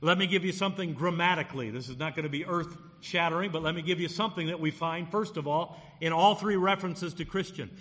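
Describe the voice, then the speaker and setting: A man's voice: a little high, fast, hardly any pauses, fairly bright tone, big-room sound. A man preaching a sermon as pastor, pressing hard on key words to drive his points home.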